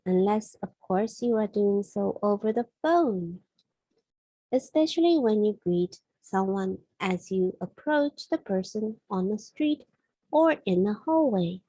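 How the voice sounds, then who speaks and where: A woman from Japan with a Japanese accent gives a language lesson in a mellow, slightly husky voice. She explains slowly and carefully, often correcting herself mid-phrase. The recording is dry and close. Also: mid-range voice, dry recording, low-quality recording. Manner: slow, careful explanations with frequent self-corrections. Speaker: Japanese teacher.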